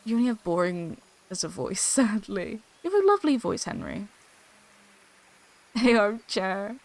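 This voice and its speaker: A woman's voice: medium pitch, sing-song, brisk, gravelly, darkish tone. A woman chatting casually on a game stream on an old desktop mic, bubbly, laughing often and swearing freely. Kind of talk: casual gaming stream chat. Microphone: old desktop microphone.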